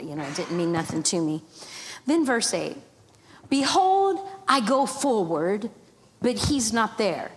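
A middle-aged woman, a guest minister, telling a lively storytelling sermon, acting out other people's voices and laughing often. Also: medium pitch. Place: church sanctuary. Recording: reverberant church hall, faint background noise.

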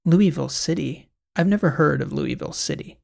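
A man's voice: fairly high pitch, vocal fry, a little mellow. A man voicing a bewildered amnesiac woman. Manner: bewildered, slow and careful. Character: puzzled woman out of place, memory lost. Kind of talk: audiobook character voice.

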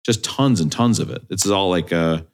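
A man's voice: low voice, normal speed, gravelly. A man hosting a casual podcast, joking and playing with words as he talks. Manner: animated, jokey, playful wordplay. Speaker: podcast host.

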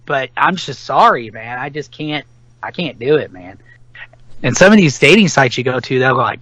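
A man's voice: medium pitch, sing-song, moderate pace, fairly bright tone, dry recording, low-quality recording. A middle-aged man chatting casually as a podcast co-host, rambling and swearing freely. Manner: rambling, profane, ranting. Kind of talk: casual chat about metal albums.

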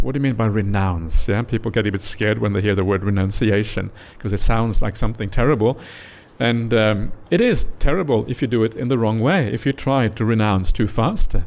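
A man, a Buddhist monk, giving a dharma talk at a meditation retreat, explaining slowly with frequent "uh"s and checking "yeah?". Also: mid-range voice, darkish tone.

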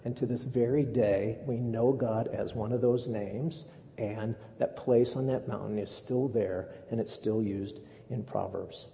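A man's voice: on the low side, steady tone, unhurried, gravelly, warm tone. A male pastor preaching a sermon in a conversational way with humorous asides, heard as a dull recording with a long echo in a church.

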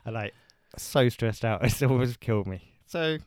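A podcast co-host chats casually, joking and spinning comic riffs. His mid-range voice has lively intonation and a darkish tone at normal speed, recorded with clean studio sound and no room sound.

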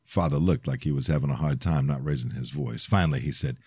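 Deep-voiced man narrating his own novel. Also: darkish tone, husky, no echo, clean studio sound. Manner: measured first-person storytelling. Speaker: author reading his novel. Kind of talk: audiobook narration.

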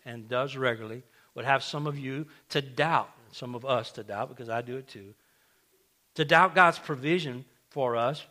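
A man's voice: mid-range voice, sharp tone. A man preaching a sermon as pastor, emphatic, repeating key phrases and restarting often. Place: church sanctuary.

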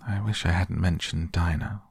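A man voicing Alice, a polite, eager young girl in a storybook reading, gently pleading. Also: low voice, steady tone, moderate pace, creaky, husky, dry recording, studio quality, full character voice.

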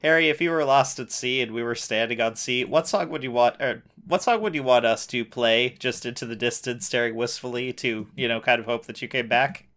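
Regular guy cohosting a recap, sarcastic, mid pitch, just chatting. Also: brisk, hardly any pauses, fairly bright tone. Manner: sarcastic, riffing. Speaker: podcast co-host. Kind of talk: casual recap chat.

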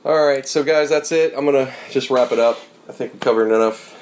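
Casual male vlogger, rambling and loose, mid-pitched voice, clear background noise. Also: fairly quick, a little mellow. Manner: rambling, swears casually, talks to viewers. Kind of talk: casual chat while driving and running errands. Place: in a car and parking lot.

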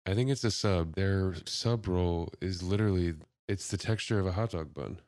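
Deep-voiced laid-back young man. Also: normal speed, a little mellow, dry recording, clean studio sound. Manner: laid-back, laughing reactions. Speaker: podcast co-host. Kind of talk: casual chat.

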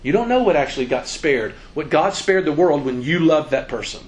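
A man's voice: on the high side, fairly quick. A man giving an informal, joking talk to students as a campus minister, acting out quoted voices. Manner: animated, joking, acts out quotes.

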